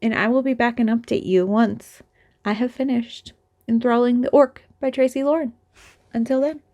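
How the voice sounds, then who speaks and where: A woman's voice: on the high side, normal speed, a little mellow, no echo, muffled recording. A woman chatting casually in a reading vlog, rambling and gushing as she retells a book's plot. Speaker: book vlogger.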